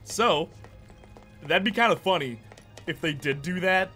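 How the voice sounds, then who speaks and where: A young man chats loosely while he plays, drifting from topic to topic and answering viewers as they write in. He laughs often and keeps a loose, rambling flow. Clear game music plays under his voice. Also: high-pitched, lively intonation, measured pace, bright, forceful tone. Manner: rambling, chatty, reacting to chat, laughs often. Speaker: gaming streamer. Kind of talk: casual chat while playing.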